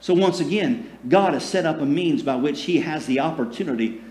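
A man preaches a sermon in a fairly high voice, in a roomy church that echoes. He calls out for answers from the congregation and shifts between booming emphasis and slow, hushed lines. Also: animated. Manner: preaching with calls for audience response; swings between loud emphasis and soft, slow passages. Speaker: pastor. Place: church sanctuary. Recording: echoey room.

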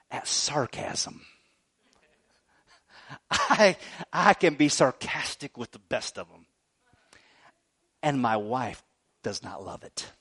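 High, lively-voiced male pastor preaching. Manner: animated, jokey preaching with frequent "right?" asides. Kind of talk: sermon.

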